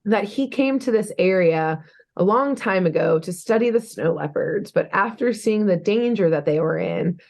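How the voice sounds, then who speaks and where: A woman's voice: medium pitch, animated, normal speed, darkish tone. A young woman co-hosting a podcast, recapping a cartoon episode in casual, chatty talk full of fillers and laughter. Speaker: podcast co-host.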